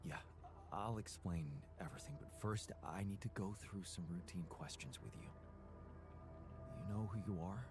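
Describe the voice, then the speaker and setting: An actor playing a patient man in a video game who calmly reassures and guides his newly made double in a measured, soothing way. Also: low voice, music in the background. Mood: reassuring. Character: calm male creator, patient, reassuring guide.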